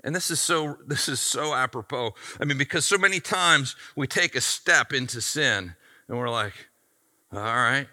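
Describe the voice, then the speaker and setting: A man's voice: medium pitch, moderate pace, pushed and bright. A man pastor delivering a sermon in an emphatic, conversational way.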